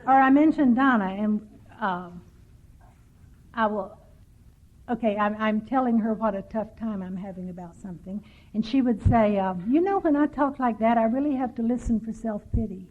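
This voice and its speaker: A woman's voice: medium pitch, normal speed. An older woman from Texas speaking at a recovery workshop, telling stories with dry, self-mocking humor. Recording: tinny lo-fi 1990s tape.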